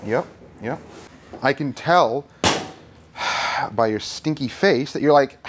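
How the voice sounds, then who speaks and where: A man hosting a car detailing video, giving relaxed, plain-spoken step-by-step instructions with some easygoing teasing. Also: medium pitch, slow pace, long pauses, noisy background. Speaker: car detailer and channel host. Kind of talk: hands-on instructional commentary.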